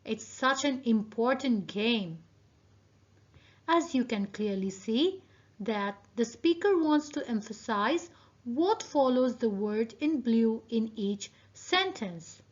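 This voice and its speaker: A woman teacher giving a recorded video lesson, speaking deliberately and addressing her students directly. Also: fairly high pitch, lively intonation, a little mellow. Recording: dull lo-fi video audio.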